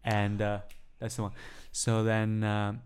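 A man's voice: fairly low pitch, monotone, slow pace, a little mellow, smooth. Rambling man telling a story. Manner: rambling, lots of fillers and restarts, swearing, laughing. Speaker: podcast co-host. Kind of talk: casual storytelling.

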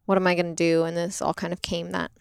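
Chatty young woman with a gravelly edge. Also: fairly low pitch, fast talker, no room sound, studio quality. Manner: animated storytelling, frequent "like", acts out quoted voices. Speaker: interview guest, doula and product maker. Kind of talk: casual conversational interview.

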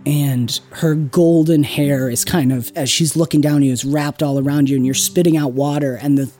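Tabletop game master, mid pitch, soft unhurried scene narration. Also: fairly even intonation, faint music behind. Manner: slow, drawn-out storytelling with soft drops in volume.

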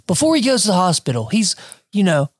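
A man's voice: high-pitched, huge pitch swings, fast talker, no echo, studio quality. A young man telling a wild family story in casual chat, swearing and laughing as he goes.

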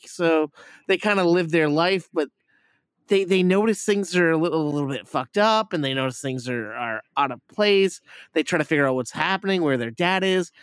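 A man's voice: fairly high pitch, animated, normal speed, fairly bright tone, clean tone, no echo, clean studio sound. Rambling, cursing man on a podcast. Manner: rambling, profane, full of fillers. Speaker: podcast co-host reviewing a movie. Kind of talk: casual chat.

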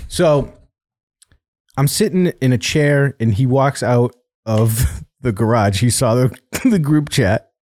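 A man's voice: mid-range voice, slow pace, a little mellow. A man hosting a podcast, telling a story in casual chat, laughing and swearing often. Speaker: podcast host.

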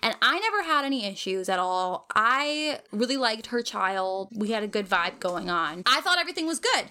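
A young woman co-hosts a podcast and tells her stories with lively, unfiltered energy. Her voice sits a little high and sounds bright and crisp. She swears often and fills her talk with "like.". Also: normal speed. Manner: animated, swears freely, lots of "like". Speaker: podcast co-host. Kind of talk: casual chat, storytelling.

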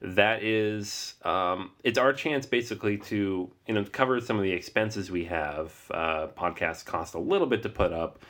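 A man's voice: fairly low pitch, moderate pace, few pauses. A man in his thirties from Seattle hosting a casual board game podcast, laughing easily and wandering into asides. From Seattle, US Pacific Northwest. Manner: relaxed, laughs often, rambling asides. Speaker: podcast host. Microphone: remote call recording.

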